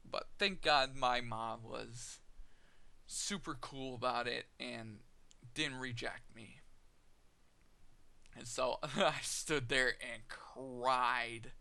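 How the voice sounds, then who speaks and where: A man vlogging an emotional personal story, halting and full of restarts and fillers. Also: medium pitch, vocal fry, pushed and bright. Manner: halting, many "you know" fillers and restarts.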